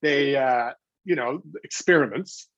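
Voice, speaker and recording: A man's voice: mid-range voice, no room sound, dull audio. A middle-aged man telling stories in an interview. He acts out quotes and restarts his sentences often. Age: 40s or older. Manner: animated storyteller acting out quotes, quick restarts. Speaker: guest, television host. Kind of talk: anecdotal interview talk.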